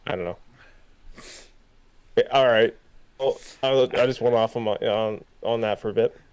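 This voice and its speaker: A young man with a smooth, resonant voice at a middling pitch, chatting loosely as a podcast co-host. He rambles, starts sentences over and leans on fillers as he goes. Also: steady tone, moderate pace, a little mellow. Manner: rambling, full of fillers and restarts. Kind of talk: casual chat.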